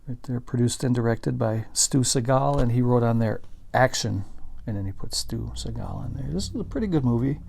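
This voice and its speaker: A man's voice: medium pitch, normal speed, creaky, a little mellow. A man casually showing off his signed movie collection, rambling and correcting himself as he goes. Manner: rambling, self-correcting, chatty. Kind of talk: casual show-and-tell.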